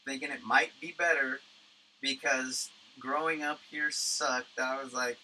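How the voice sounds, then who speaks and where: Here the same kind of speaker, a male livestream host from Tucson, Arizona, USA, chats unhurriedly at medium pitch with a steady yet sharp tone. He's casual, profane, and rambling, packed with fillers, using a studio condenser microphone. The audio is poor, with slight background noise.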